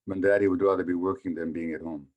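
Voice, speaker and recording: A man's voice: deep voice, fairly even intonation, quick pace, muffled recording. A man in his seventies, from Hungary, giving a conversational talk as a physician and asking his audience questions. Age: 70s. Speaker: physician speaker. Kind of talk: public talk on trauma.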